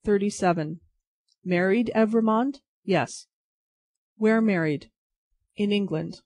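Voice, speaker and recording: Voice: medium pitch, slow, darkish tone, no echo, studio quality. Darnay, a reader voicing a pleading prisoner. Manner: earnest, pleading. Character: Charles Darnay, man in his thirties, bewildered emigrant prisoner. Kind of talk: audiobook reading.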